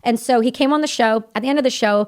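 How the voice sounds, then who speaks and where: A woman from Canada speaks as a guest on a podcast, her voice sitting a little high for a woman. She tells her story candidly and earnestly, in quick runs that slip into remembered bits of dialogue. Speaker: podcast guest, combat veteran.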